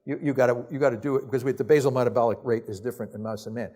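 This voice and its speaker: Delivering a science lecture to an audience, a man speaks rapid-fire at medium pitch with fairly even intonation and a dark tone. Exasperated and emphatic, he throws out blunt rhetorical questions in loose, offhand phrasing.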